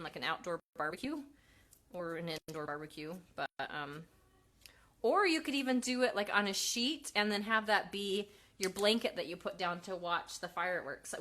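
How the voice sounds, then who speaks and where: A woman's voice: medium pitch, sharp tone. A woman hosting a casual live craft demonstration at home. She chats loosely, reads out viewer comments, and corrects herself with frequent ums. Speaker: craft livestream host and mother. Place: at home with her kids.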